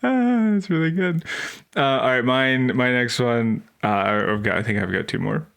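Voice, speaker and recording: A man's voice: medium pitch, animated, normal speed, vocal fry, a bit bright, smooth. A man co-hosting a podcast in a casual comedic chat, who tells pun jokes as little scenes. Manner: playful, laughing, sets up jokes as scenes. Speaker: podcast co-host.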